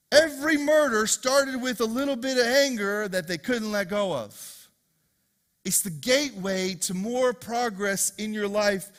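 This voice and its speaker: A man preaching a sermon as pastor to a congregation, swinging from loud, driving passages to hushed, repeated questions. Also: high-pitched. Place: church hall with congregation.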